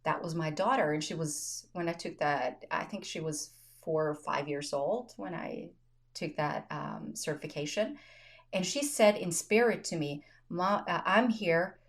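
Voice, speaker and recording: Woman, podcast host, animated storyteller, laughs a lot, lowish voice. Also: measured pace. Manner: animated storyteller, laughs often, acts out quotes. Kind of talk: casual conversation, storytelling.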